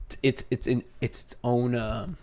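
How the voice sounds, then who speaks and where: A man's voice: medium pitch, little pitch movement, unhurried, warm tone. A male streamer in an old stream recording, reading an online article aloud in a casual drone and stopping to laugh.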